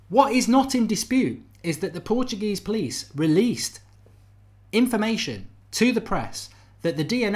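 A middle-aged man hosting a live podcast debate, talking animatedly and repeating phrases for emphasis while reading out viewer comments. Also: on the high side. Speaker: podcast host.

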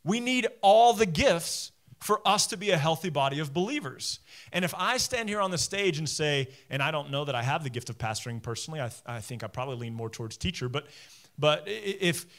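A man's voice: on the high side, brisk. A man preaching a sermon from a church stage as the teaching pastor, talking straight to his listeners with self-deprecating humor. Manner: conversational, animated, talks straight to listeners.

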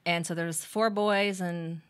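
A woman's voice: on the low side, steady tone, unhurried, a bit bright, clean tone. A middle-aged woman, a band member's mother, chatting casually in an interview and finishing others' sentences.

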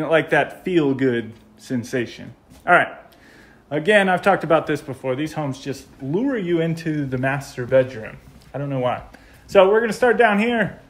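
An American man with a casual, enthusiastic manner, narrating a walkthrough of a model home as he films it. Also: mid-range voice. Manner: enthusiastic, gushing. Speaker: home tour vlogger.

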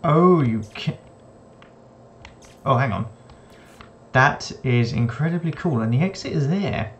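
Playful, lively-voiced man narrating a game. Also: mid-range voice, unhurried, lo-fi sound. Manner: playful and chatty, talks to game characters, slips into silly voices. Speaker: gaming channel host. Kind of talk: casual let's-play commentary.

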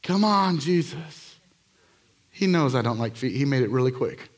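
A man preaching a live sermon in a church, telling healing stories in an energetic, jokey, rambling way full of fillers and restarts. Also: medium pitch, moderate pace. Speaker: guest preacher. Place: church sanctuary.

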